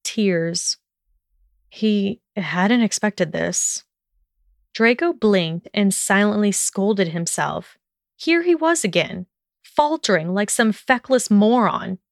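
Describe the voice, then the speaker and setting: Woman storyteller, smooth clear voice, measured narration. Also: medium pitch, expressive, no room sound, studio quality. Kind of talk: storybook reading.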